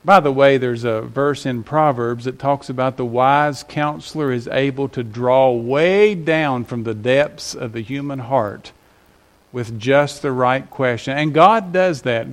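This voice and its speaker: A man preaching a Sunday sermon to his congregation, conversational and rising in emphasis on key points. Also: medium pitch. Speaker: pastor.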